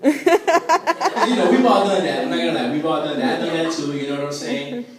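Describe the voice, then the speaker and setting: A man with a fairly high voice doing laid-back, streetwise stand-up and chatting with the crowd. The sound is very echoey and comes from a mic some way off. A busy dinner crowd sits behind him. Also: a little fast, distant mic. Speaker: stand-up comedian. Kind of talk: open mic stand-up comedy. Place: restaurant dinner show. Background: lively crowd laughing.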